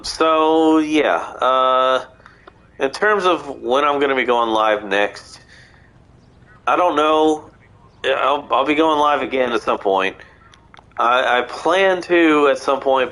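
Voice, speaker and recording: A man streaming a video game while sick, with a nasal voice, talking casually and rambling, with many halting restarts. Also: medium pitch, a bit bright. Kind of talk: casual gameplay stream chat. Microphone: headset mic through console.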